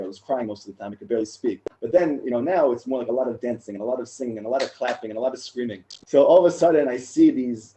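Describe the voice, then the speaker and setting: A man in his thirties, a rabbi, sharing his own story in a casual, animated talk that gets louder and higher in the funny parts. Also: racing, few pauses, faint music behind, low-quality recording. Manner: animated storyteller, rising and loud in funny moments. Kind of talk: casual personal talk to a group.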